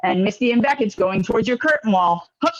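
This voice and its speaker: A man teaching a karate class online, giving brisk, encouraging commands. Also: high voice. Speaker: karate instructor. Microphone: video call. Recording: lo-fi video call audio.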